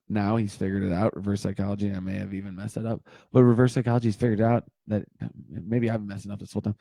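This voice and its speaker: A man's voice: lowish voice, fairly even intonation, fast, creaky, mellow, no echo. A man in his thirties hosting a casual livestream, rambling and joking while greeting viewers by name. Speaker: livestream host.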